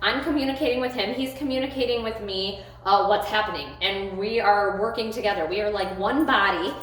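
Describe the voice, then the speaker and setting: A woman's voice: medium pitch, fairly quick, a bit bright. Echoey woman dog trainer praising. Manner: frequent short praise to the dog between explanations. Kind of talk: live dog-training commentary. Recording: very echoey with faint noise.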